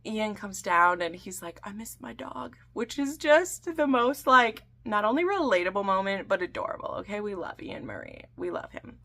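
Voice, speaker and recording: The speaker is a woman who recaps books and TV series on her vlog, here gushing casually about an episode with plenty of ums and side comments. She has a medium-pitched, gravelly voice with a fairly bright tone.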